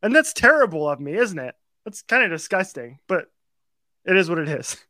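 Male podcast host, high bright voice, rapid-fire ad reads, dry close sound. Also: very animated, dry recording. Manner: rapid auctioneer-style ad reading. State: out of breath after the read. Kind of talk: live ad read and casual chat.

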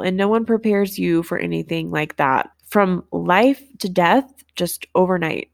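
Young woman host, personal storytelling; low, gravelly, dry close sound, halting and reflective. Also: no echo. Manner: reflective, halting, plain-spoken. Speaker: podcast host telling her own story.

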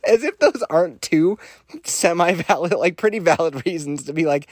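A man with a lively, bouncing voice, a touch higher than most, runs a loose and profane comic monologue. He laughs through his stories and sounds stuffed up from a cold. The sound is close and dry. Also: measured pace, dry recording. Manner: profane, laughs often, animated storytelling. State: congested sinuses. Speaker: podcast host. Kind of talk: casual comedic monologue.

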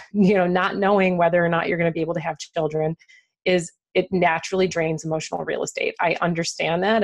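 A woman author and entrepreneur talking candidly in an interview, laughing often and using lots of fillers. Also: on the low side. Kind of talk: conversational interview.

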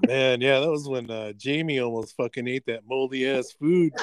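A man's voice: medium pitch, normal speed, clean tone, dry recording. A man chatting casually with friends, laid-back and swearing freely. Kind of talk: casual chat. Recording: crowd chatter behind.

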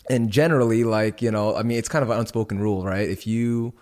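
Low-voiced man musing in conversation. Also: fairly even intonation, fast, darkish tone. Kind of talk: casual chat.

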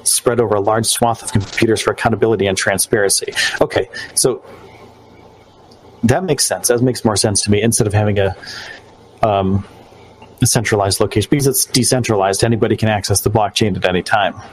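A man's voice: on the low side, fairly even intonation, brisk, low-quality recording. A man hosting a podcast, chatting casually, rambling with loose restarts and fillers. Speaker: podcast host. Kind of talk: casual live-stream chat. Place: New York.

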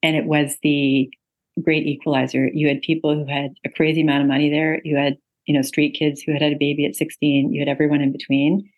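A woman's voice: low-pitched, little pitch movement, fairly quick, phone-quality sound. A middle-aged woman, an author and interview guest, telling a personal story earnestly with many ums and uhs. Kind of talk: interview conversation.

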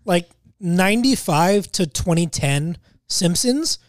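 High-voiced young man, lively and blunt. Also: slow pace, no echo, studio quality. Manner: opinionated, blunt, swears casually. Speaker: podcast co-host. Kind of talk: casual chat.

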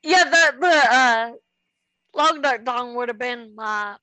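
A woman co-hosting a casual podcast chat, agreeable and quick to back others up. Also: a little high, pushed and bright, no echo. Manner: agreeable, lots of short assents. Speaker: podcast co-host.

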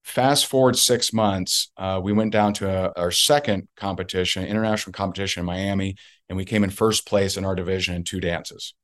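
A man's voice: deep voice, fairly even intonation, a little fast, a bit bright. A man being interviewed as a guest, telling a story emphatically and repeating points for effect. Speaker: guest, network marketer.

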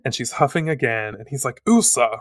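A woman co-hosting a casual chat, recapping a manga chapter in an animated, giggly way and acting out characters' lines. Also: extremely low pitch, moderate pace, no room sound. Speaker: podcast co-host.

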